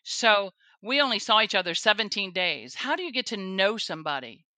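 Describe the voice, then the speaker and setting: A woman appearing as a guest on a faith show earnestly recounts her personal testimony in an interview, restarting now and then and laughing occasionally. Her mid-range voice swings widely in pitch, moving briskly with a sharp tone, and the recording is dry.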